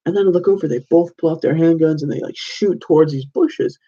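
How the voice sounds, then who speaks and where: A man's voice: a little high, brisk, few pauses, warm tone, dull audio. A young man in his twenties hosting a casual solo podcast, rambling through stories with lots of "like"s and self-corrections. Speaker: podcast host.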